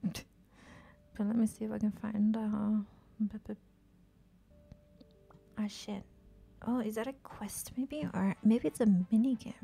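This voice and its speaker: A woman's voice: mid-range voice, fairly even intonation, slow, gravelly, pauses often, warm tone, breathy edge. A woman chatting casually while streaming a game, swearing freely, talking to game characters and often dropping to a whisper. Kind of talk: casual live-stream chat while gaming.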